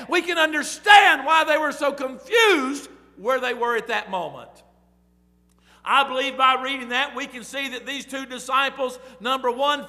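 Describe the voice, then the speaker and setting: A man preaching a sermon in a very high, sharply bright voice. He breaks into loud, emphatic bursts, and his words ring out with the long reverb of a large hall.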